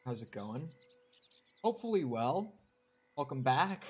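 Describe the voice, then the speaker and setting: A man's voice: medium pitch, sing-song, a little slow, a little hiss or hum. A young man streaming a video game, chatting casually with his viewers and swearing now and then while he plays. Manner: chatty, swears, talks to chat while playing. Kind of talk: casual live-stream chat over gameplay.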